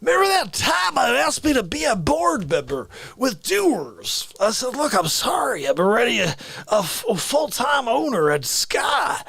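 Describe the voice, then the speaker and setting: A man doing an impression of a rambling, boozy old male baseball announcer, with loud, drawn-out shouting. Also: very high voice, big pitch swings, creaky, breathy edge, no room sound, heavily acted. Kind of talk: celebrity impression on a live comedy stream.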